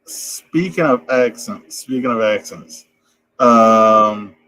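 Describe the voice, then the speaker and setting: A man's voice: fairly low pitch, slow pace, no echo. Easygoing louisiana guy hosting a podcast, dry close mic, says stuff twice. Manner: relaxed, repeats himself, laughs often. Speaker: podcast host. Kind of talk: casual chat.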